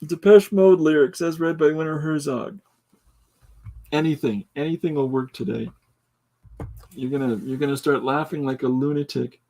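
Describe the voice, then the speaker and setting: Playful man chatting, slightly high voice. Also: normal speed, long pauses, mellow. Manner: playful, laughs often, reads out viewer comments; jokey, tries out voices mid-talk. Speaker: podcast host. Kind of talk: casual livestream chat.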